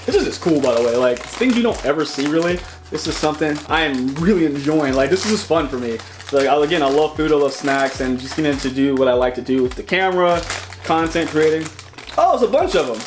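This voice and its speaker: A man's voice: on the high side, lively intonation, a little fast, noisy background. A man hosting a casual taste-test vlog, rambling and chatty, often talking while chewing. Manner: rambling, chatty, restarts and repeats words. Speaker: snack reviewer and channel host.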